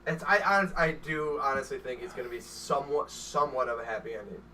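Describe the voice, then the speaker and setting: Young male co-host, bright casual rambler, slightly distant mic. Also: mid-range voice, quick pace, a little hiss or hum. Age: young adult. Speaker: podcast co-host. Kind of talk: casual chat.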